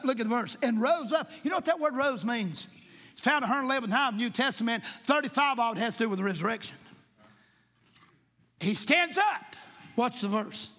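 A man preaching a sermon. He is impassioned, jokes at times and rises to shouts in a church. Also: extremely high pitch. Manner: impassioned, shouting at peaks, joking asides. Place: church sanctuary with congregation. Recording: echoey church hall.

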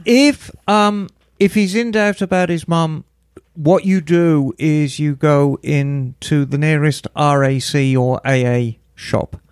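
An enthusiastic man co-hosts a laid-back podcast. He rattles off long lists with gusto in a fairly high voice. The recording is dry and close. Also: fairly even intonation, takes it slowly, hardly any pauses, smooth, dry recording. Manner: enthusiastic, rambling, lists gear. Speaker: podcast co-host. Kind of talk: casual chat.

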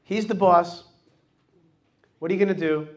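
A man giving a lively talk to a live audience in a hall. He jokes with the crowd, asks them questions and acts out other people's voices. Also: high voice, moderate pace.

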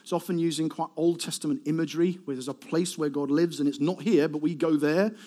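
A man preaching a sermon to a live congregation, animated and conversational, with asides to the crowd. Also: on the high side, brisk. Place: warm hall with a live congregation.

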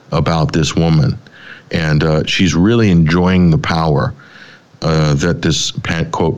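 Low-voiced middle-aged male host, sardonic and rambling, opinion commentary. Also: dull audio. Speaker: talk show host.

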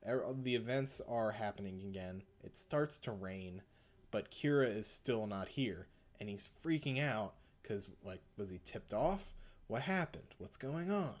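A man's voice: lowish voice, animated, measured pace. A man retelling an episode in casual chat, rambling, swearing and laughing often.

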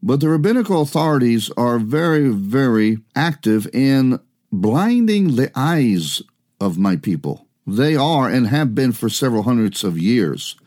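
A man's voice: mid-range voice, sing-song, a little mellow. Man preaching in a conversational radio sermon. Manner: conversational preaching with rhetorical questions and frequent "uh" fillers; swings between quick bursts and slow, stressed words. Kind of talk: broadcast sermon.

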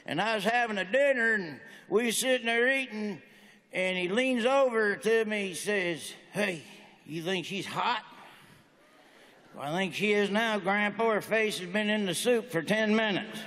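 A man's voice: high-pitched, normal speed, a bit bright. A middle-aged man with a Southern American accent doing a stand-up routine, drawling through stories and acting out the people in them. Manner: drawling storyteller, acts out characters. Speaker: stand-up comedian. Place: large auditorium on stage. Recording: live hall reverb, faint ambience.

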